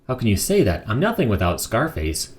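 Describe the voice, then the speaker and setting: A man's voice: fairly low pitch, wildly swooping pitch, a little fast, a little hiss or hum. A man voicing a mild-mannered male ventriloquist villain who speaks in prim, overly polite phrases.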